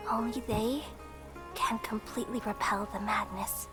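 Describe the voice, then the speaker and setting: A woman voicing a gentle young goddess. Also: fairly high pitch, fairly even intonation, normal speed, lightly acted. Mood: solemn. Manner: soft, earnest, gentle. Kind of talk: game voice acting. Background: game music.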